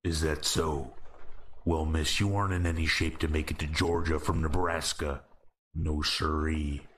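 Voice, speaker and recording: A man voicing a menacing fake highway cop who speaks with a Midwestern drawl in a falsely polite way. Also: little pitch movement, a little slow, a bit bright. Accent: Midwestern American drawl.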